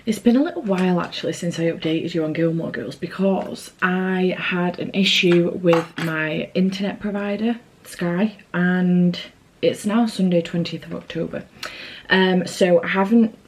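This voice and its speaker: A woman's voice: fairly low pitch, a little mellow, a little hiss or hum, low-quality recording. Chatty woman vlogging. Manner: chatty, rambling, self-correcting. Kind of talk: casual chat to camera.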